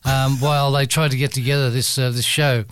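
A man's voice: medium pitch, flat delivery, a little fast, a bit bright, dry recording. A man telling a rambling anecdote as a radio guest, full of restarts and frequent laughter. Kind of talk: anecdotal storytelling.

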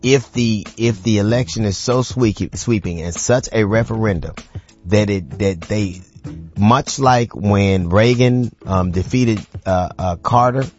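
A man's voice: on the low side, dull audio, faint music behind. A man hosting a casual talk show, joking and opinionated, often restarting his sentences as he talks. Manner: animated, joking, quick repeated restarts.

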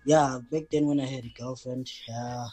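Man, mid-pitched voice, rambling anecdote, lots of uh's, faint music behind. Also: fairly even intonation, moderate pace, warm tone. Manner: rambling with many fillers. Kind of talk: casual storytelling.

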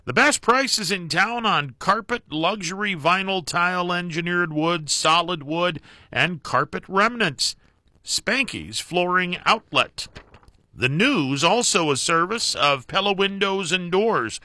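A man reading local radio news and sponsor mentions in a brisk announcer style. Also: high-pitched, expressive, pushed and bright, dry recording.

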